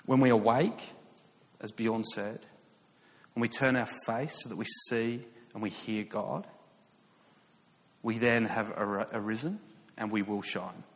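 Chatty English preacher in a hall. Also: male voice, fairly low pitch, measured pace, gravelly, pauses often. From England. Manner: chatty and self-mocking, with many fillers and restarts, rising excitement. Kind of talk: sermon storytelling.

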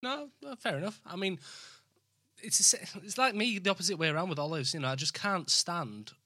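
Bright, lively West Midlands-Yorkshire podcast host. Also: medium pitch, no echo, studio quality. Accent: West Midlands mixed with Yorkshire. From West Midlands, England. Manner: quick, expressive, self-deprecating. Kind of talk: casual chat.

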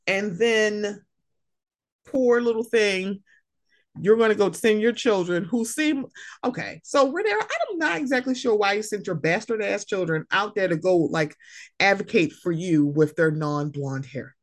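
Animated, profane woman chatting casually. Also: medium pitch, unhurried. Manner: animated, profane, laughing, acts out quotes. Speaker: podcast co-host. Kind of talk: casual chat.

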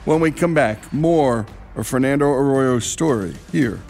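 A man hosting a storytelling show, introducing segments with smooth, upbeat presenter delivery. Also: medium pitch, unhurried, darkish tone, soft background music. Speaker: host.

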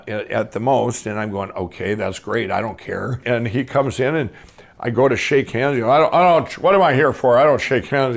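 A man with a gravelly, rough-edged voice tells his own story in loose, eager, rambling fashion. He jumps into the quoted dialogue as he goes, and his pitch sits in the ordinary middle range for a man. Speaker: inventor and company founder telling his life story. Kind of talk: casual first-person storytelling.

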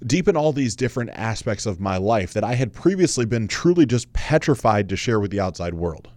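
A man's voice: lowish voice, very animated, brisk, a little mellow, no room sound. A man in his thirties hosting his own podcast, telling a personal story in a candid, conversational way, with emphatic repetition and casual swearing. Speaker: podcast host.

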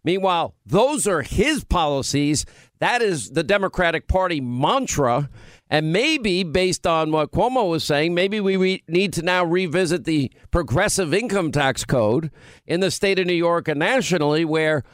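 A middle-aged man hosts political talk radio in a high, emphatic voice. He argues with a scoffing edge, close to a studio mic in a dry booth. His delivery is forceful and plainly opinionated. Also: animated, unhurried, dry recording. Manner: emphatic, scoffing, mocks opponents. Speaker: radio talk show host. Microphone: studio microphone.

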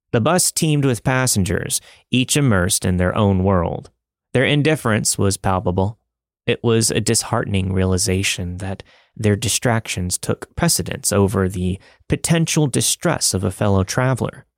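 A man narrating a listener's scary story in a dramatic, measured way, recorded close to a studio mic. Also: fairly low pitch, creaky, no echo. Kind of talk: scripted narration of listener stories.

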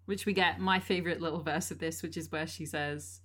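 A woman co-hosting a podcast, calmly recapping a musical's plot. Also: sits low, fairly quick, breathy edge. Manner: steady, recapping the story. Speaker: podcast co-host.

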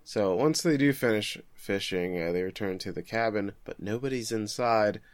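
A man in his thirties chats through a podcast recap, his lowish voice jumping up whenever he acts out a quote. The sound is dry and close. He talks casually and keeps the story rolling. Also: dry recording. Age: 30s. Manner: animated storytelling with quick acted-out quotes. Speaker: podcast co-host.

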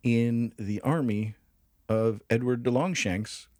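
A man's voice: mid-range voice, takes it slowly, a little mellow, dry recording, clean studio sound. A man co-hosting a casual history podcast, joking and swearing as he explains. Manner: profane, jokey, laughs often. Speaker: podcast co-host.

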